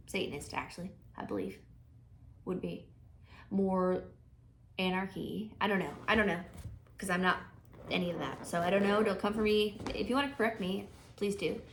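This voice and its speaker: A woman's voice: fairly low pitch, moderate pace, gravelly, a little hiss or hum. A woman giving a casual, chatty tarot reading, thinking aloud with frequent fillers and restarts. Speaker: tarot reader.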